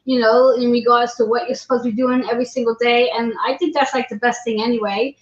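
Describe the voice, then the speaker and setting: A woman's voice: a little high, little pitch movement, quick pace. A woman hosting a livestream interview, chatty and encouraging, often repeating her words. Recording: roomy, dull lo-fi livestream audio.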